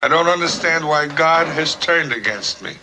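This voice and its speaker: A man's voice: a little high, moderate pace, background noise, close to an everyday voice. An actor playing a despairing man who feels forsaken, speaking in anguish.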